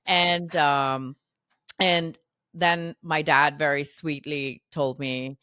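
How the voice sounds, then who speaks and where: Low-voiced woman, animated storyteller. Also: a little slow, dry recording, clean studio sound. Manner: animated, quotes herself and others in lively voices. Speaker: podcast guest, founder. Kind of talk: casual storytelling interview.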